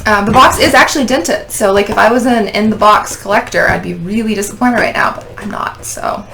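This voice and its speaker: A woman's voice: mid-range voice, brisk, gravelly. A woman hosting a casual unboxing chat, gushing and sentimental about her collectibles, with lots of fillers. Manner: gushing, sentimental fan talk with many fillers. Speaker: podcast host. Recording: clicking noise in background.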